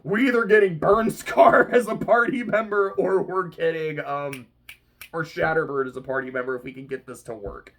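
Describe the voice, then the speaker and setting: A reaction vlogger talking casually about a book they are reading, animated, often laughing and swearing casually. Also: mid-range voice, moderate pace.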